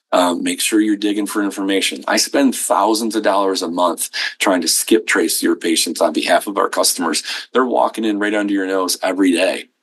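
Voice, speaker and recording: A man's voice: lowish voice, fairly bright tone, poor audio. A middle-aged man leading a healthcare billing training webinar, talking conversationally with frequent ums and acting out little dialogues.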